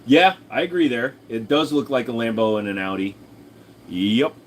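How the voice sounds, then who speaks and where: A man's voice: mid-range voice, normal speed, a little hiss or hum. Casual rambling man chatting on stream. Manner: rambling, profane, answers chat. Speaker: streamer reading chat. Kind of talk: casual live-stream chat.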